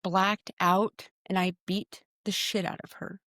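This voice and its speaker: Woman, podcast guest, emotional storytelling, acts out quotes, restarts words, higher voice. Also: a little slow, few pauses, no echo, studio quality. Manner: animated, acts out her own quotes with a raised voice. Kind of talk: personal storytelling in a conversation.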